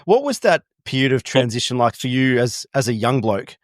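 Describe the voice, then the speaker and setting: A man co-hosting a podcast, asking questions in a halting way and repeating words. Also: medium pitch, sing-song, dry recording, studio quality. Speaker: podcast co-host.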